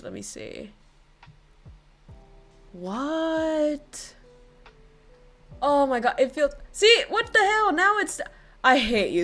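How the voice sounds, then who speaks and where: A woman livestreams and chats casually with her viewers in a mid-range voice, excitable, laughing often and swearing freely.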